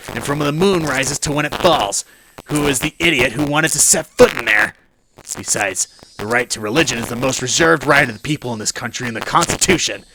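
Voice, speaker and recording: Man doing a gruff old mob-boss politician. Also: medium pitch, noisy background, lightly acted. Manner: gruff, commanding, threatening.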